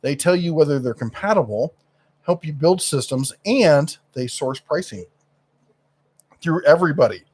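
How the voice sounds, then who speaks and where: A man's voice: fairly high pitch, expressive, moderate pace, a little mellow, slightly rough. A middle-aged man chats casually as co-host of a live stream. He rambles and stops often to search for the right word, with lots of fillers.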